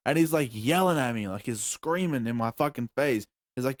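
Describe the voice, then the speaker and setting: A young man co-hosting a podcast, telling a story in animated, swear-heavy casual chat with sudden shouts and laughs. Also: mid-range voice, a little fast, no room sound. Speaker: podcast co-host.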